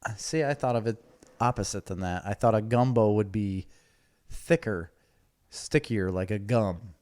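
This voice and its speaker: Young male co-host, lowish voice, jokey, argues the details. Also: a little mellow. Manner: joking, quick to dispute facts. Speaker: podcast co-host. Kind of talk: casual chat.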